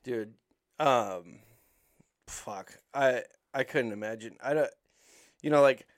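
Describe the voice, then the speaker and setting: A man's voice: medium pitch, slow pace, no room sound, studio quality. A man in casual chat with friends, telling animal stories in a rambling, profane way with lots of filler words.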